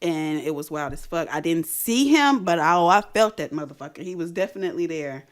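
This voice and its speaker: A woman hosting a radio show and telling a story in casual chat, animated and profane, often laughing. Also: on the low side, brisk.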